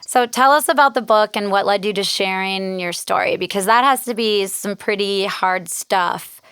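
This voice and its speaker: A woman's voice: mid-range voice, moderate pace, a bit bright, smooth, dry recording. A woman hosting a podcast interview, bubbly and friendly, laughing easily as she talks casually. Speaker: podcast host.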